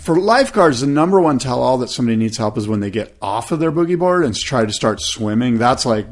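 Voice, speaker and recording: A man's voice: medium pitch, fast. A man co-hosting a casual podcast, with a medium voice and a loose, rambling way of telling a story. He slips into other voices when he quotes people. His talk is easygoing and conversational. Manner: rambling storyteller, animated quoting. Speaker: podcast co-host. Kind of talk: casual chat.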